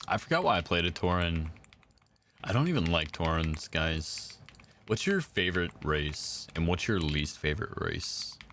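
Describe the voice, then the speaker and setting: Laid-back low-voiced gamer guy streaming. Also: animated, normal speed, a bit bright, slight background noise. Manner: laid-back, slangy, chatting to viewers while playing. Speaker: game streamer. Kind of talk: casual live-stream chat.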